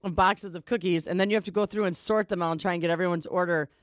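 A woman's voice: lowish voice, steady tone, fast, no echo. A chatty woman co-hosting a casual studio show, joking about herself and laughing easily. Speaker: radio co-host. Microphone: studio microphone.

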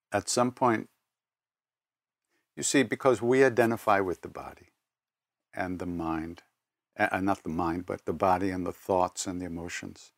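An older man speaks as a spiritual teacher, his low voice carrying a gravelly edge. He tells personal stories and answers questions at an unhurried, reflective pace, pausing and correcting himself as he goes. The sound is close and dry. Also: no room sound.

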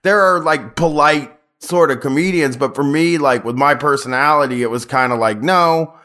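Bright-voiced man hosting a podcast. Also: on the high side. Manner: halting, filler-heavy, blunt. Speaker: podcast host. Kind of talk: casual podcast chat.

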